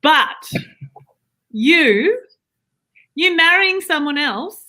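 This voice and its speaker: A woman's voice: high-pitched, lively intonation, drawn-out words, bright, forceful tone, exaggerated voice. A woman playing a blunt, teasing Australian wife who swears freely, in an improv comedy livestream.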